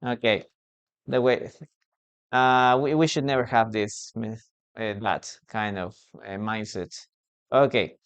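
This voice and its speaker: Slow, clear-voiced teacher. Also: mid-range voice, fairly even intonation. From Peru. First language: Spanish. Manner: repetitive, drills pronunciation, asks the class questions. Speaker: English teacher. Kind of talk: live online English lesson.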